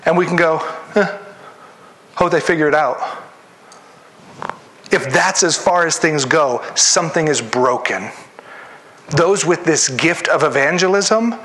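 A man preaching a sermon as pastor, animated and acting out the voices he quotes. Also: a little high.

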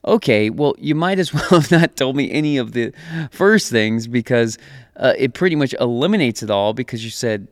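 A young man preaches in an easygoing, conversational way, laughing often and acting out quotes. His voice sits at a middling pitch. The sound is dry and close, with no room echo. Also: expressive, moderate pace. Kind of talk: conversational sermon.

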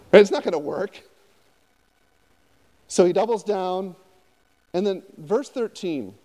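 A man pastor preaching a conversational sermon, often turning to his listeners with quick questions. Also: high-pitched, long reverb tail. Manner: conversational, animated, asks the audience often.

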